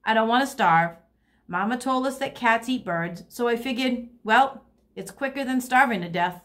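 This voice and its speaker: A woman's voice: a little high, moderate pace, a bit bright, pitched above the performer's own voice, close to an everyday voice. A woman voicing a bossy, hungry young female bird who can't fly, demanding and pouting.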